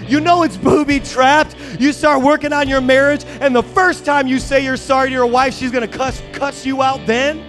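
A man preaching a sermon as pastor, building to shouted, rising emphasis. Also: extremely high pitch.

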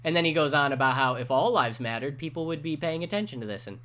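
A man's voice: a little high, fast talker, a bit bright. A man in his twenties, co-hosting a casual podcast chat, telling a rambling story full of fillers and swearing. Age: 20s. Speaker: podcast co-host.

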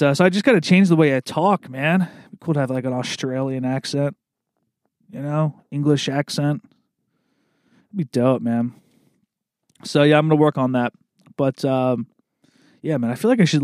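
A man's voice: a little high, a little mellow, dry recording, clean studio sound. A young man with an American East Coast accent, hosting a podcast solo in a rambling, laid-back way and swearing freely. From Maryland, USA. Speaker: podcast host. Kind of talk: casual solo podcast monologue. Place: recording studio.

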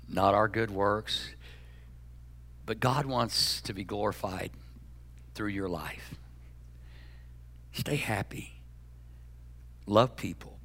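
Joking preacher, bright and forceful. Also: male voice, on the low side, slow pace, long pauses. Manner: folksy, joking preacher with sudden loud and hushed turns. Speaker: pastor. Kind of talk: sermon.

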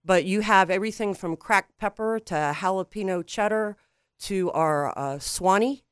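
A woman guest on a radio talk show, explaining her company's products in a friendly, steady, sales-like way. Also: medium pitch, moderate pace, clean tone, dry recording, studio quality. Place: radio studio.

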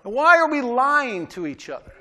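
A man's voice: very high voice, big pitch swings, normal speed, sharp tone. A man preaching a sermon in a casual, conversational way, often asking his listeners "right?" and urging them on emphatically. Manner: emphatic, exhorting. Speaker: pastor.

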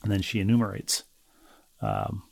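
A man co-hosting a casual podcast, reading listener mail aloud and teasing his co-host in a wry, halting way. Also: lowish voice, sing-song, creaky, darkish tone.

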